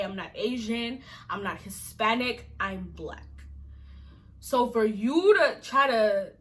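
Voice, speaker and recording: Bright-voiced young woman ranting, exasperated. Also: mid-range voice. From Africa. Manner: exasperated, emphatic, dramatic drops to a whisper. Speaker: vlogger. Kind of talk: casual vlog rant to camera.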